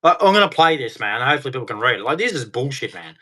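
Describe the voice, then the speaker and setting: A man's voice: medium pitch, big pitch swings, very fast, pushed and bright. A middle-aged man hosting a reaction video, ranting angrily at clips with heavy swearing. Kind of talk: angry reaction commentary.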